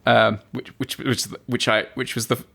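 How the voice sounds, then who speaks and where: A man's voice: medium pitch, level tone, normal speed, vocal fry, fairly bright tone. A man co-hosting a podcast, teasing his friend with dry jokes in casual chat. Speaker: podcast co-host.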